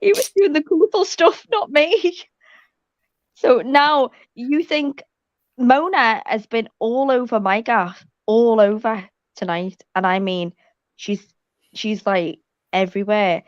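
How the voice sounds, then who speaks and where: A woman with a slightly high voice spins her story in animated, foul-mouthed casual chat. The audio is dry and a little muffled, as from a live online panel. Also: slow pace, no echo. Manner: animated storytelling, heavy swearing. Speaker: panel guest.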